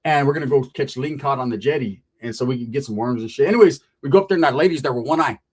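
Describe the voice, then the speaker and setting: A man telling a story in a casual, streetwise way, full of slang and swearing and punctuated by "right?". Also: medium pitch. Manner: animated, drawn-out telling with frequent "right?". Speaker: storyteller on a podcast.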